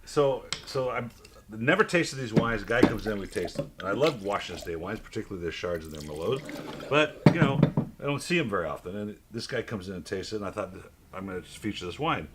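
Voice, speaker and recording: A man hosting a casual wine tasting chat, telling stories with lively asides. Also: fairly low pitch, brisk. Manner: storytelling, animated, laughing asides. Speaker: wine club host. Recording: noticeable background noise.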